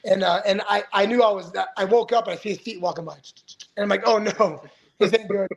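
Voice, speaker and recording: A man's voice: high voice, steady tone, fast talker, vocal fry, rough recording. A man in his forties, a retired fighter, telling stories as a podcast guest in a rambling, profane way, full of restarts. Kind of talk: casual storytelling interview.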